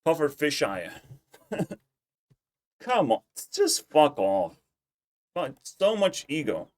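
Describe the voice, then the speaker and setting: A man's voice: a little high, huge pitch swings, slow, darkish tone. A man streaming casual commentary, ranting in a heated, profane way and repeating himself when worked up. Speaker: streamer reacting to clips.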